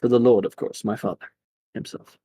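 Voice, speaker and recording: Hushed, deep-set Jesus, fatherly and unhurried, a man putting it on, tabletop game character. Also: steady tone, slightly rough, dry recording. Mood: solemn. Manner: slow, hushed, fatherly delivery. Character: calm, solemn Jesus, adult man.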